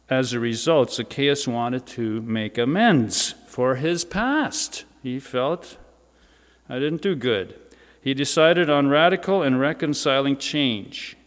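A man giving a sermon in a church, speaking in a conversational way with informal asides. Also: medium pitch. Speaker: preacher. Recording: reverberant church hall.

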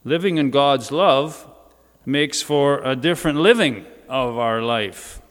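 A man's voice: mid-range voice, slow, a bit bright. Man preaching a casual sermon, church reverb. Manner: conversational, informal asides.

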